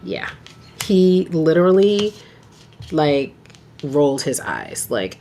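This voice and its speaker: A tarot reader talks to camera in a slow, low, sing-song voice with a warm tone. Chatty and rambling, she says "okay" a lot, and the home video recording is noisy.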